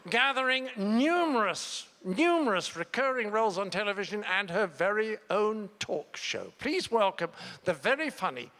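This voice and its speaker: A man's voice: high voice, very animated, moderate pace, bright, forceful tone. A man giving an emphatic, teasing stage introduction of the next comic in a theater. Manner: emphatic, teasing announcer delivery. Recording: live theater recording, long hall reverb.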